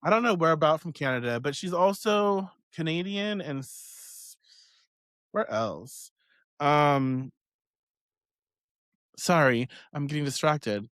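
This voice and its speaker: Male host, casual chat, higher register, dry close sound, rambling and profane. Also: animated, slow pace, long pauses, fairly bright tone, no room sound. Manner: rambling, swears freely, many fillers and asides. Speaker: host answering community questions on witchcraft.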